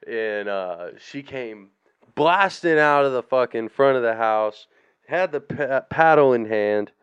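A man's voice: medium pitch, expressive, slow pace, clean tone, no echo. A man co-hosting a podcast, telling a long story in a rambling, profane, casual way and laughing as he goes. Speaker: podcast co-host. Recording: dull, dry podcast audio.

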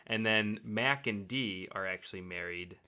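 A man's voice: fairly low pitch, normal speed. A man hosting a gaming podcast in casual chat, rambling and often correcting himself. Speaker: podcast host. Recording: dull lo-fi recording.

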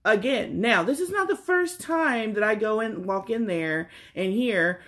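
A woman's voice: mid-range voice, expressive, unhurried, hardly any pauses, fairly bright tone. A middle-aged woman in a casual chat, animatedly retelling a frustrating errand and mimicking the other people's lines with exasperation.

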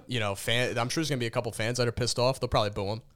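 A man's voice: medium pitch, steady tone, very fast, a bit bright, slight background noise. A man co-hosting a casual sports podcast, rambling through game recaps. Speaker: podcast co-host.

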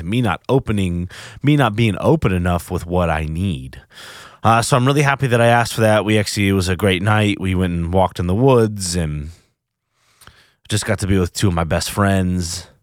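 A man hosting a personal recovery podcast, speaking in an earnest, halting, confessional way, emotional and near tears. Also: low voice, no echo, clean studio sound. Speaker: podcast host.

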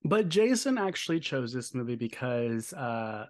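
A man's voice: mid-range voice, sing-song, measured pace, few pauses. A man hosting a horror podcast, talking in a playful, jokey, rambling way. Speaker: podcast host. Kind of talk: casual chat.

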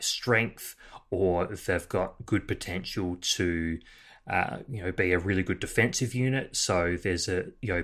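A man's voice: deep voice, a bit bright. A man hosting a casual game discussion, talking thoughtfully with many fillers and restarts.

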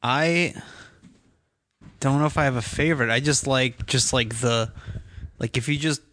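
A man's voice: medium pitch, measured pace, fairly bright tone, slight background noise. A man chatting as a guest on a comedy podcast, rambling and joking. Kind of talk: casual comedic chat.

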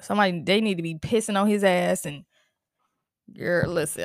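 A woman's voice: lowish voice, normal speed, no echo, clean studio sound. Profane, fired-up woman podcast host. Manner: heated, profane, animated venting with laughs and sighs. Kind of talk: casual solo podcast rant.

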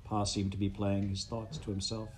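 A man reading a storybook aloud in gentle, steady scripted narration. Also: fairly low pitch, normal speed, slight background noise, low-quality recording. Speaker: audiobook reader.

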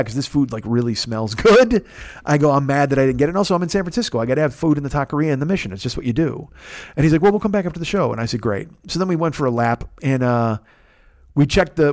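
A man telling a long profane story in a casual monologue, acting out each side of the conversation himself. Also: mid-range voice. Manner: profane, animated, acts out both sides of conversations. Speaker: podcast host.

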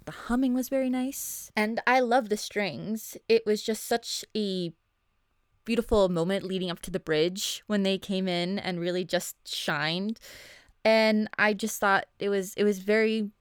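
Smooth-voiced woman praising a song. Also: medium pitch, fairly even intonation, a little slow, dry recording, clean studio sound. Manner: warmly appreciative, hesitant fillers. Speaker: podcast co-host. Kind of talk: casual music review chat.

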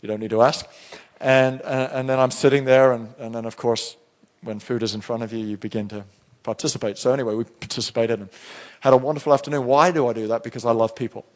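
A man's voice: mid-range voice, steady tone, fast. A middle-aged male pastor preaching a sermon in church, talking in a conversational, storytelling way with frequent restarts.

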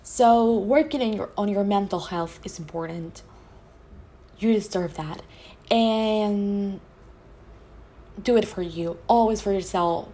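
Woman host, mid-range voice, personal heartfelt monologue, halting delivery. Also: medium pitch, warm tone. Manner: earnest, heartfelt, halting with restarts. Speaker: podcast host.

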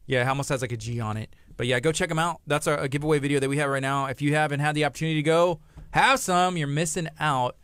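A man's voice: fairly high pitch, fast talker, a bit bright, clear, resonant tone, no room sound. A middle-aged man, hosting a local talk show in a chatty, friendly way. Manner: friendly, chatty, laughing often. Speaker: host. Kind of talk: casual chat.

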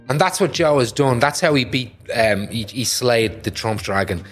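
A man's voice: medium pitch, animated, moderate pace, a bit bright, soft background music. A man hosting a casual podcast chat, joking and swearing often. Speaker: podcast host.

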